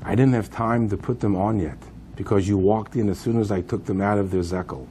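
A man's voice: lowish voice, brisk, warm tone, a little hiss or hum, natural voice. A man voicing a devout male rabbi held prisoner, speaking solemnly and firmly. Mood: earnest.

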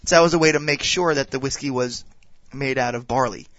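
A man appearing as a guest expert, explaining wine and whiskey in a casual, halting way. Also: mid-range voice, a bit bright, no room sound. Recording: dull, dry sound.

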